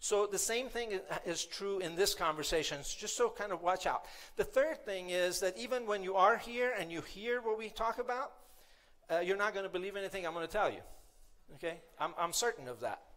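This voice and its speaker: A man's voice: high voice, expressive, fairly quick, a bit bright. A man giving a conversational, playful motivational keynote at a conference, often asking the audience questions. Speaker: keynote speaker.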